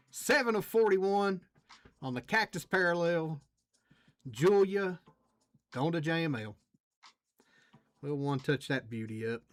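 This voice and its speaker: A man's voice: fairly high pitch, fairly bright tone. A man hosting a trading card break livestream, chatting casually with viewers and reading out the cards he pulls. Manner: chatty, reads out cards and talks to chat.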